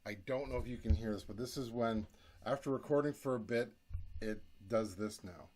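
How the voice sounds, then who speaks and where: A man's voice: medium pitch, moderate pace, a little mellow. A man talking casually in a home recording vlog, thinking aloud as he demonstrates his gear at his desk.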